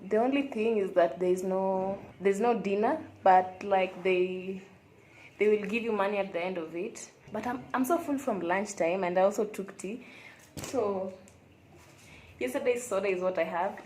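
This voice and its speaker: A young woman talks to camera in a relaxed, confessional way, musing openly as she goes. Her voice sits at an ordinary middle pitch and carries the echo of a bare hotel room. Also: a little slow, slight background noise. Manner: chatty, reflective and candid. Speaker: vlogger. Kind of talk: casual confessional vlog chat.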